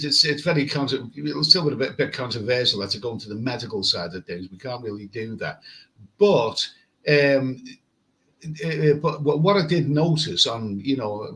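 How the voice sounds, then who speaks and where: A man's voice: mid-range voice, fairly bright tone, rough recording. A man chatting casually on a live stream from a hotel room, rambling and repeating words as he reads comments. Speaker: travel vlogger. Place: hotel room with air conditioning.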